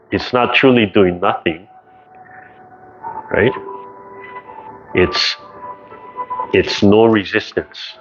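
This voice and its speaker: Low-voiced man teaching over a call. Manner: conversational, keeps asking "right?", acts out quoted voices. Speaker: tai chi instructor. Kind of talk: casual teaching talk. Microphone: video call. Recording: muffled video call audio.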